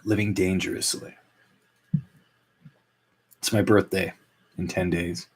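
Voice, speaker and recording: A man in his late thirties hosting a solo comedy podcast, rambling in a deadpan, self-mocking way. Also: sits low, slow pace, husky. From Canada. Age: 30s. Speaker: podcast host. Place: at home.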